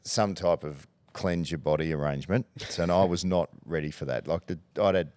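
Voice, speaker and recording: A middle-aged Australian man, a former football coach, telling lively anecdotes on a podcast and acting out the voices he quotes. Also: deep voice, brisk, no echo. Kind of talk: podcast storytelling.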